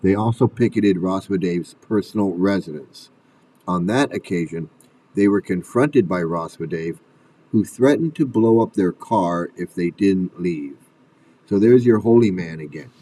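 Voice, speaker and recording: A man's voice: low voice, unhurried, dark tone, recorded from a distance, poor audio. A man delivering an angry commentary rant, swearing and firing off furious rhetorical questions. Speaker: commentary video host.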